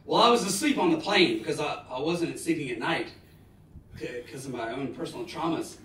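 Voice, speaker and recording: A man in his forties giving a live motivational talk, telling stories dramatically with bursts of loud emphasis. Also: on the high side, lively intonation, brisk, slight background noise. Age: 40s. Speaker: motivational speaker. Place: large lecture hall. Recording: roomy hall, distant mic.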